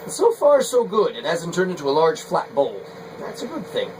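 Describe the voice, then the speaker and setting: A man's voice: on the high side, huge pitch swings, normal speed, darkish tone, a little hiss or hum, poor audio. A middle-aged man, a potter, talking casually and rambling with hesitant fillers. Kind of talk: casual vlog talk while working.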